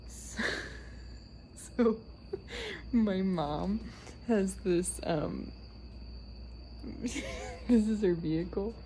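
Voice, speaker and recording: A woman's voice: mid-range voice, drawn-out words, pauses often, crowd noise. A young woman casually telling a funny story, laughing often mid-sentence.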